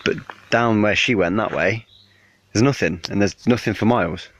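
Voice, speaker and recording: A man's voice: fairly low pitch, moderate pace, fairly bright tone. A man vlogging from his camper van, rambling and nervous as he tells what happened. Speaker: van traveller filming himself. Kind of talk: casual vlog to camera. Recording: distant, dull lo-fi clip with music.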